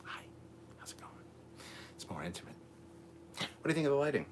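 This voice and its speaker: A man's voice: mid-range voice, very animated, brisk, whispered. A man hosting a casual live stream from home, reading chat comments aloud in a rambling, easygoing way with lots of fillers. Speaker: livestream host reading chat. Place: home room with TV. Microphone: camera mic at a distance.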